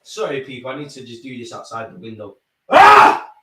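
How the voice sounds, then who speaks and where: A man hosting a live football watchalong, reacting loudly to the screen with heavy slang and swearing. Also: medium pitch, fast talker, slightly rough. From England. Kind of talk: live match watchalong commentary.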